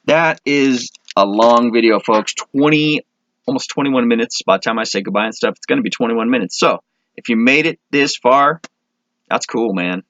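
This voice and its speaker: A man's voice: medium pitch, moderate pace, a bit bright, no room sound, muffled recording. A man from Minnesota chatting casually to camera in his vlog, rambling, correcting himself and getting enthusiastic. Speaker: vlogger.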